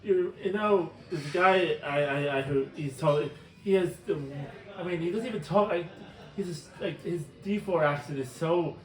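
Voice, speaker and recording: A man's voice: a little high, moderate pace. A middle-aged Irish man co-hosting a podcast, teasing his friend with dry interjections. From Ireland. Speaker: podcast co-host. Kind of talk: casual chat. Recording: roomy, distant from the mic.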